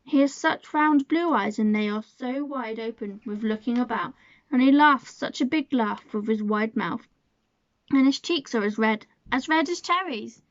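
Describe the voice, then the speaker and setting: A woman's voice: on the high side, normal speed, dry recording, lightly acted. A woman doing a wilful, earnest young girl. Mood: insistent. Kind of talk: storybook reading. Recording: dull lo-fi sound.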